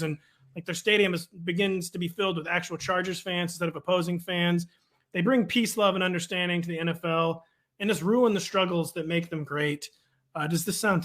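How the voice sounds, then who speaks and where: A man's voice: sits high, a bit bright. A man in his thirties co-hosting a casual, joking football chat, rambling with fillers. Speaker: fantasy football analyst co-host.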